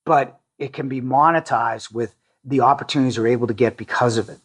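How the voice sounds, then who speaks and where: A man's voice: mid-range voice, slightly rough. A middle-aged man from the Boston area, a company CEO, talking casually in an interview, with frequent restarts and fillers. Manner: halting, many restarts and fillers, self-deprecating.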